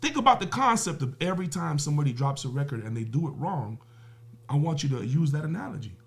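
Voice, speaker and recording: The music business guest is a fast talker with a highish, sing-song, slightly bright voice. Being interviewed on a podcast, he's emphatic and swears, rattling off rhetorical questions and everyday analogies.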